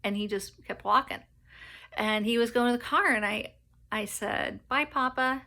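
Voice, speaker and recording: A woman recounts her own story in a personal vlog. Her voice is bright with a gravelly edge, and she talks hesitantly, full of ums and restarts. She stays close to tears and covers the hard parts with nervous laughter. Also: medium pitch, steady tone, moderate pace. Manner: hesitant, many fillers and restarts; laughs nervously at painful moments. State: emotional, near tears. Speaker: vlogger telling her life story.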